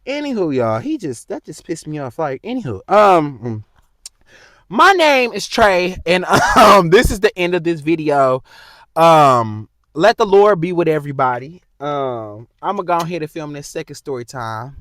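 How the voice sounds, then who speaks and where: Fired-up young man ranting, lively pitch. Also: unhurried, no echo, studio quality. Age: 20s. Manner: heated, profane, talks straight to the viewer. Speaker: vlogger. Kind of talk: casual storytime rant.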